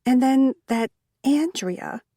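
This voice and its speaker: A curious woman, eager for gossip, asks her questions in a probing way, voiced by a woman. She speaks slowly, and the recording is dry. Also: high-pitched, lively intonation, warm tone, dry recording, voice pushed up, heavily acted.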